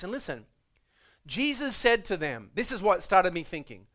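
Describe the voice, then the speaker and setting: A male pastor preaching a Sunday morning sermon, animated and acting out the lines he quotes, often repeating his words. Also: sits high, normal speed.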